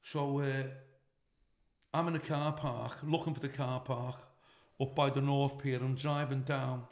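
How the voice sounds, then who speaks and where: A man's voice: mid-range voice, a little slow. A middle-aged man with a Scouse accent, a comedian telling stories in casual chat and swearing freely. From Liverpool, England. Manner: swears freely, animated when quoting others. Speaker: guest comedian.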